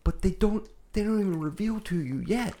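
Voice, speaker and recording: A man co-hosting a podcast, chatting casually about an old action movie, animated and profane, acting out lines from the film. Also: sits high, normal speed. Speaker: podcast co-host. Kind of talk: casual movie review chat.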